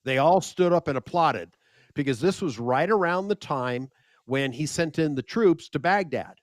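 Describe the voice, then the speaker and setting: An older man with an American accent, a media expert guest telling lively stories and acting out quoted exchanges in a casual interview. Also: on the high side, normal speed, no room sound, clean studio sound.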